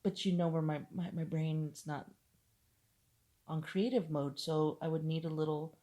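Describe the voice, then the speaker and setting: Lower-voiced woman chatting casually. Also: steady tone, a little slow, dark tone. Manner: rambling, laughs often, swears casually. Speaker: podcast co-host. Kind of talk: casual chat.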